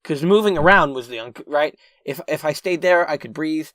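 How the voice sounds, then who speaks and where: A man's voice: on the high side, normal speed, no room sound, clean studio sound. A man telling a personal story to camera in a casual way, rambling with restarts and "right?" asides, and acting out his own panic. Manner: animated, acts out his own panicked past self. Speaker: channel's featured storyteller.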